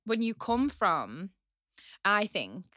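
A woman's voice: mid-range voice, sing-song, bright, forceful tone, no echo, clean studio sound. A woman guest in a casual interview, talking openly and frankly and laughing easily. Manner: open, frank, quick to laugh. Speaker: guest, reality TV personality.

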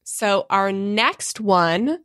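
A woman podcast co-host speaks earnestly in relaxed chat, often pausing on "uh" and "like." Her voice sits at a middle pitch. The recording is close and dry. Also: no room sound. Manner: earnest, many fillers like "uh" and "like".

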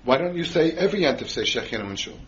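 A man's voice: on the high side, animated, rapid-fire, dull audio, a little hiss or hum. A man teaching a Torah class to a group, often quizzing his listeners with questions and answering them himself. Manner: quizzes the audience with frequent questions.

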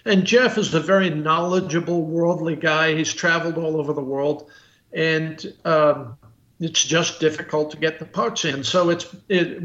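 An American guest expert on a podcast, a man who speaks bluntly and stumbles through restarts and fillers. His voice sits a little high for a man. The sound is roomy and muffled, like a remote call. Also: a bit bright. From United States. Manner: halting, full of restarts and fillers. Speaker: guest expert on military rifles. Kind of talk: podcast interview.

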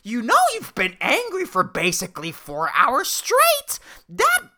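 Guy putting on a squealing gloating inner voice, way up high, yelling and cackling, swoops all over. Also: wildly swooping pitch, a little slow, exaggerated voice. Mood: mocking. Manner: high, cackling, shouted taunts. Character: mocking inner voice of doubt, male, gleeful, taunting.

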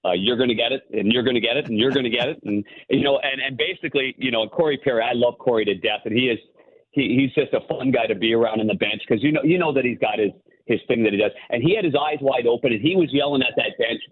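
A man's voice: medium pitch, quick pace, husky. Guy on a tinny phone line, rambly and chatty, telling hockey stories, lots of restarts. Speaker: former NHL goalie turned hockey analyst, guest. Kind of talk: casual phone-in interview.

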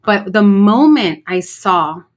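Middle-aged woman co-host; blunt, lively storyteller, everyday mid-range voice. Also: mid-range voice, slow. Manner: animated storyteller, blunt and profane. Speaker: podcast co-host. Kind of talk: casual chat.

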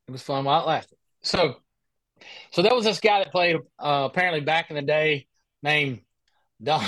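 Laughing, animated male storyteller on a call. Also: fairly high pitch, no echo. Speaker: guest, professional golfer. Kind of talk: casual storytelling chat. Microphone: video call.

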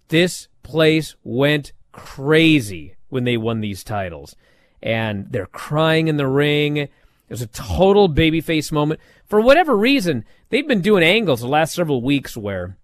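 Animated man recapping wrestling. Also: medium pitch, no echo. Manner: animated storytelling with frequent fillers. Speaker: wrestling show reviewer. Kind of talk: casual podcast recap.

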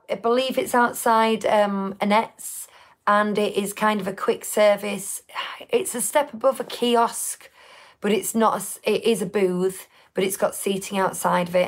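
A woman's voice: mid-range voice, fairly even intonation, normal speed. Woman, podcast co-host, rambling chatty delivery, casual live chat.

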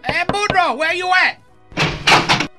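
Man putting on a high twangy fellow. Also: extremely slow, music in the background, exaggerated voice. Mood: eager. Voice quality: exaggerated high-pitched put-on voice. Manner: breaks character laughing. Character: Cajun man Justin LeBlanc, big appetite.

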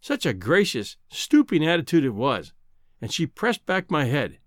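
A man narrating a novel in a measured, old-fashioned literary manner. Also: on the high side, wildly swooping pitch, no echo, studio quality. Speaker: audiobook narrator. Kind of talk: scripted narration.

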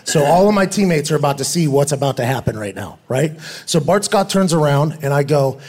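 A man's voice: on the high side, a little fast. A middle-aged man, a former football player, telling stories casually as a guest, swearing freely and acting out the voices of others. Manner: animated, profane, acts out quoted voices. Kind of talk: casual storytelling.

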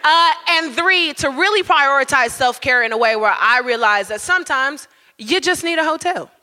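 A man tells a comic story live, animated and constantly checking in with "right?". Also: extremely high pitch, moderate pace, long reverb tail. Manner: animated, keeps asking "right?".

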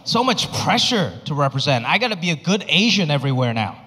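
Stand-up comic in a reverberant hall. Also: male voice, fairly high pitch, brisk. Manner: animated storytelling, acting out bits. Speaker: stand-up comedian. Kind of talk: stand-up comedy set. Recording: live stage recording in a reverberant hall.

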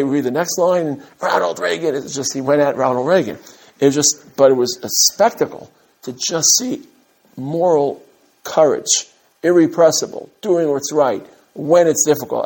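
A man, from Brooklyn, giving an animated mussar talk to his students as a rabbi, with emphatic rises and humorous asides. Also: on the high side, vocal fry, breathy edge. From Brooklyn, USA. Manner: direct address to his students.

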